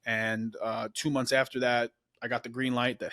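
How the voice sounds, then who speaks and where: A man's voice: medium pitch, little pitch movement, normal speed, pushed and bright, dry recording, clean studio sound. A young man hosting a podcast, telling his story in a casual, laid-back way, often saying "man" and "dude". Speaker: podcast host.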